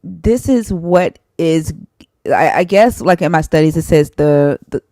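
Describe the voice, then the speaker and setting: A woman's voice: sits low, unhurried, dark tone, no room sound, studio quality. A woman learning Hebrew on a live stream, asking hesitant questions with many fillers. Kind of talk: casual live-stream chat.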